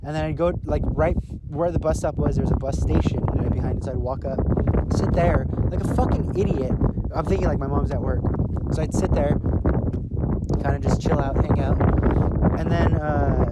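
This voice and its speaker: A young man casually telling a long, profane story as a podcast co-host, acting out what people said in loud bursts. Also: a little high. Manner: profane, rambling, acts out quotes loudly. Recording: loud noise behind.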